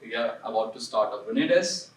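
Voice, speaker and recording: A man's voice: on the low side, animated, fairly quick, roomy sound, recorded from a distance, poor audio. A man who leads an investment firm gives a seminar talk in a punchy, conversational way, often throwing rhetorical questions at the audience. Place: seminar room.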